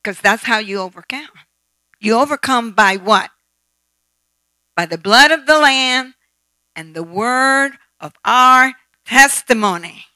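A woman's voice: a little high, lively intonation, slow, long pauses, sharp tone, no echo, poor audio. A woman preaching a sermon, emphatic and asking the audience questions. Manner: emphatic, calls for amen and asks the audience questions.

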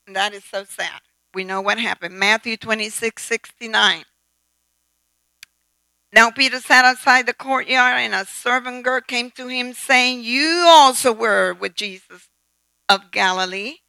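A woman's voice: on the high side, steady tone, measured pace, gravelly, bright, forceful tone, no echo, low-quality recording. A woman preaching a sermon, emphatic and asking the audience questions. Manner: emphatic, calls for amen and asks the audience questions.

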